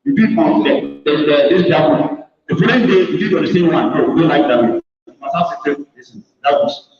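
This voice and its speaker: A man's voice: on the high side, lively intonation, fast talker. A man from Ghana, a mathematics teacher, giving an emphatic orientation talk to new students and addressing them directly. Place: large hall. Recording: echoey hall, distant mic, dull sound.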